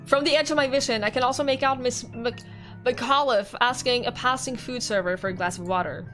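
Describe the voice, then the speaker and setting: A woman streamer reading a visual novel aloud with expressive narration and laughing commentary. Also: on the high side, a little fast, soft background music.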